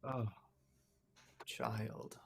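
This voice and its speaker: A man's voice: drawn-out words, a little hiss or hum. A man voicing a blunt, suspicious woman prison guard in a tabletop game, crass in manner.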